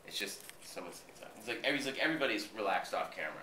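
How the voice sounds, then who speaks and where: A man's voice: lowish voice, lively intonation, rapid-fire, noisy background. A man from Boston, an actor being interviewed, telling behind-the-scenes stories in a casual, profane way and acting out what others said. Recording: roomy echo, voice from a distance.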